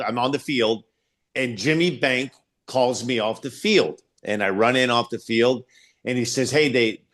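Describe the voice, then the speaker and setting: An older man, a former ballplayer, telling a steady story from his playing days in casual chat. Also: medium pitch.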